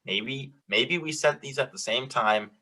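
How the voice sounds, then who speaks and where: A man's voice: mid-range voice, unhurried, bright, forceful tone. A man co-hosting a casual advice chat, speaking earnestly and laying out his points. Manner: earnest, explanatory, chimes in to finish points. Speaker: podcast co-host.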